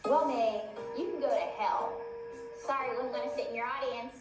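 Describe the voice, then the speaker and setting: A woman's voice: on the high side, normal speed, over music. Earnest young woman in an echoey room. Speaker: reality TV participant. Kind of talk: reality TV interview.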